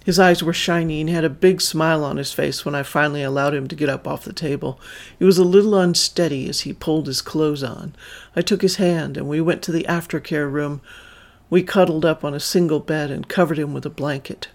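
A man reading a first-person story aloud in a calm, measured, intimate way. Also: on the high side, vocal fry.

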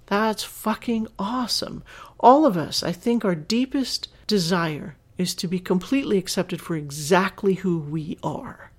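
A woman's voice: mid-range voice, lively intonation, unhurried, breathy edge. A woman hosting a podcast, reading a listener's letter aloud and reacting in an earnest, emotional way, teary and laughing at times. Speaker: podcast host.

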